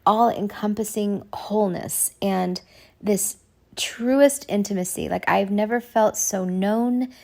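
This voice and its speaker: A woman shares a personal spiritual testimony in an earnest, emotional way. Her mid-pitched voice carries a gravelly fry. She keeps stopping to search for words and often sinks into a soft near whisper. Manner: halting, searching for words with many restarts.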